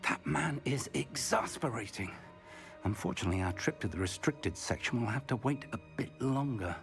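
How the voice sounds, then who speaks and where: An actor playing a courteous, weary older professor in a video game, speaking in measured tones. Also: male voice, mid-range voice, expressive, faint music behind, lightly acted.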